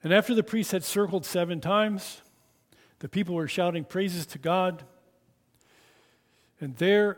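A man preaching a sermon, telling the story slowly and dramatically in a reverberant church hall. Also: on the high side. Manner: dramatic storytelling, slow and emphatic.

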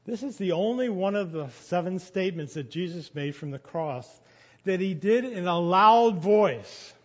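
A man preaching a sermon, going from quiet to loud when he quotes scripture. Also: sits high, animated, a little slow. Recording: dull sound with long reverb of a hall.

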